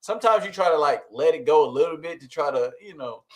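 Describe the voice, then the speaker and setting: A man's voice: fairly high pitch, lively intonation, fast talker. A man co-hosting a podcast, telling a workplace story in a casual, laughing way and trailing off with "you know". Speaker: podcast co-host.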